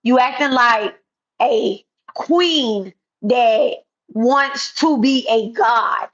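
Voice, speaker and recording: Woman, slightly high voice, blunt and confrontational callout vlog, dull lo-fi audio. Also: extremely slow. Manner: blunt, confrontational, repetitive, casual profanity. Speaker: spiritual content creator. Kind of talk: direct-to-camera callout vlog. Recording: dull lo-fi sound.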